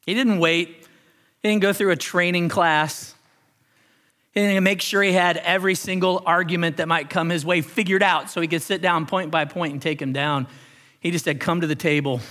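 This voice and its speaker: Earnest male preacher, slightly high voice. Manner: earnest preaching, swells then drops to soft emphasis. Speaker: pastor. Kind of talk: sermon.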